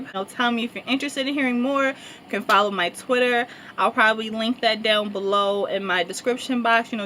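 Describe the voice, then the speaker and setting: A young woman with a slightly high voice tells a casual, rambling storytime to her viewers, loaded with fillers. A faint hiss of noise sits under her voice. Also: pushed and bright. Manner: chatty, rambling, lots of fillers and laughter. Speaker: vlogger.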